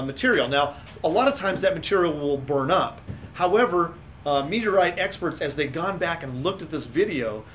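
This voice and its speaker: A man's voice: fairly high pitch, a little hiss or hum. A man from a space science center explaining asteroids and comets in casual radio chat, eager and prone to stammering restarts.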